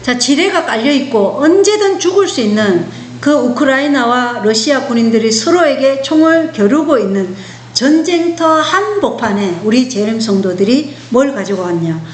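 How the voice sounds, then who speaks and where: A woman with a fairly high voice gives sermon-style commentary at a very fast clip. She drives her points home with emphatic rhetorical questions, and the room echoes around her. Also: expressive, soft background music. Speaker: channel host.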